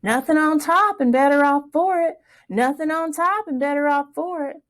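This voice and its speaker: Storybook: woman plays a high-pitched, eager country boy who chants and hollers. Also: unhurried. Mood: chanting. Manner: singsong chanting, excited shouting. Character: forgetful young country boy, earnest and eager.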